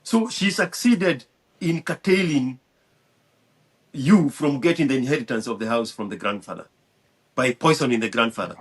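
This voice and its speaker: A man's voice: mid-range voice, expressive, moderate pace, pauses often, breathy edge. A man hosting a casual podcast conversation, reacting with exclamations and pressing his points. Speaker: podcast host.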